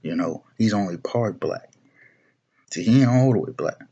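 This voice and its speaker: Animated and at normal speed, a young man vents about politics to camera in a lowish, dark voice with a breathy edge, and the recording's highs are cut off. The video blogger swears freely, repeats himself, and keeps restarting phrases.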